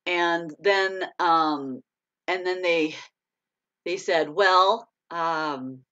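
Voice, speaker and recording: A middle-aged American woman, an author, chatting casually to a live audience, laughing often and breaking into excited bursts. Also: fairly low pitch, very slow. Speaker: author hosting a live chat. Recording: dull lo-fi stream audio.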